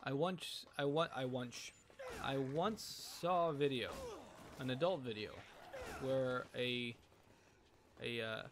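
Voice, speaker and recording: A man's voice: mid-range voice, slow pace, pauses often, background noise. A young man streaming a video game, chatting casually in a crude, profane, rambling way between jokes and mutters. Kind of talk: casual gameplay commentary.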